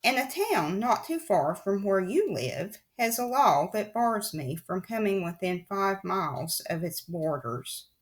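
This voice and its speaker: A woman's voice: mid-range voice, sing-song, measured pace, few pauses. A woman reading a children's novel aloud in a wry, confiding tone, often speaking straight to the listener. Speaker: audiobook reader. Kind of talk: audiobook narration.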